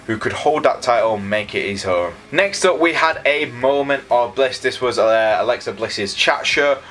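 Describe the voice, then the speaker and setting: A man's voice: medium pitch, normal speed, fairly bright tone. A man giving a casual spoken review, rambling and blunt, with frequent restarts and stumbles. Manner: blunt, opinionated. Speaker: wrestling show reviewer.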